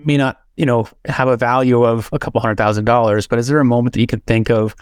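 A man's voice: medium pitch, steady tone, fast talker, smooth, no room sound, clean studio sound. A man hosting a podcast, chatting casually in a rambling way full of fillers and restarts. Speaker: podcast host. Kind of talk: casual interview chat.

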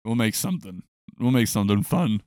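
A man co-hosting a sports podcast in relaxed, casual chat, laughing easily. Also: on the low side, fairly quick, dry recording, clean studio sound. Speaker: podcast co-host.

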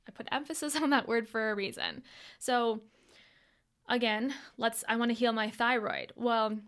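A woman's voice: fairly high pitch, steady tone, moderate pace, fairly bright tone. A woman hosting a live online coaching training, upbeat and friendly, speaking straight to her listeners. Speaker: host.

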